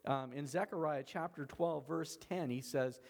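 A man's voice: on the high side, measured pace, gravelly, long reverb tail. A man preaching a sermon as pastor, in an earnest, emphatic way with repeated phrases.

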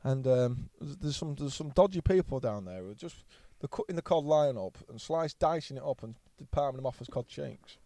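A man's voice: mid-range voice, expressive, a little fast, few pauses, dark tone, dry recording. Man in his thirties, podcast guest, rambling and sweary, dry close sound. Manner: blunt, swears freely, rambling anecdotes. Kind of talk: casual storytelling chat.

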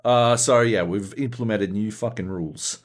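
A man co-hosting a casual gaming podcast, telling profane, animated stories about multiplayer sessions. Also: lowish voice, moderate pace. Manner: profane, animated storytelling with lively put-on voices. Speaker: podcast co-host.

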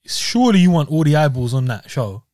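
A man's voice: on the high side, sing-song, fairly quick, darkish tone, dry recording, clean studio sound. A young man co-hosting a sports podcast, emphatic and jokey, repeating his points. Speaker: podcast co-host. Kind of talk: casual sports chat.

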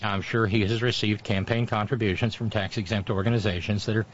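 A man's voice: fairly low pitch, fairly even intonation, a little fast, dull audio, a little hiss or hum. A man hosting casual political commentary, sardonic and mocking, with frequent asides.

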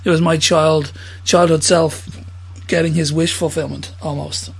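A man co-hosting a casual podcast chat who laughs often and breaks into loud quoted lines. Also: fairly high pitch, flat delivery, a little slow, gravelly, slightly rough. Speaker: podcast co-host.

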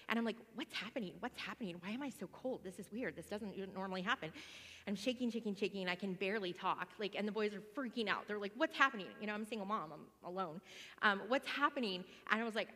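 A woman in her thirties talks through a personal story in a loose, meandering way, often restarting her sentences and filling pauses. Her voice sits at a middle pitch and carries a long reverb tail, as if she is in a large space. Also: bright, forceful tone. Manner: rambling, with many fillers and restarts. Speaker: single mom sharing a testimony.

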